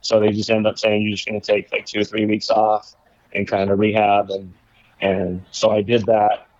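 A man, a former baseball pitcher, casually telling a rambling story in conversation, laughing now and then. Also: monotone, normal speed, darkish tone, dry recording, muffled recording. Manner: laid-back, rambling, laughs while telling stories.

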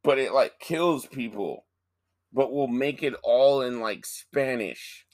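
A man co-hosting a casual podcast, telling stories in a profane, animated way. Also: medium pitch, slow pace, no echo. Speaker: podcast co-host. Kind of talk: casual chat.

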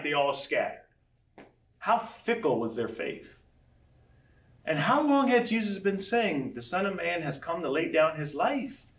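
Man, pastor, sermon, animated, acts out quotes, slightly high voice, distant mic. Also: measured pace. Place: large room with audience. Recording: echoey room from far off.

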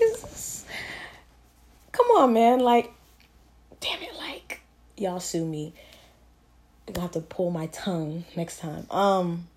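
A young woman in college hosts a casual solo podcast in a lowish, dark-toned voice. She's chatty and rambling, pokes fun at herself, and fills her speech with lots of fillers.

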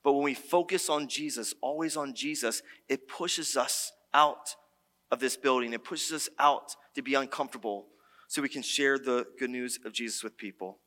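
A man's voice: medium pitch, normal speed. A man preaching a sermon as pastor, talking conversationally and telling stories with lots of restarts. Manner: conversational, animated storytelling with many restarts. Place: church sanctuary. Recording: long church-hall reverb.

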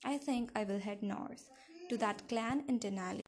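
A woman voicing a calm, regretful male vampire who gives a measured, earnest warning, in an audiobook reading. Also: mid-range voice, close to an everyday voice.

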